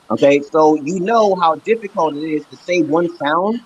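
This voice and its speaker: A man's voice: fairly high pitch, normal speed, few pauses, highs cut off, a little hiss or hum. A man from Brooklyn, New York, hosting a stream and giving casual language advice in an emphatic way, often checking in with "okay". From Brooklyn, New York, USA. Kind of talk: casual teaching chat.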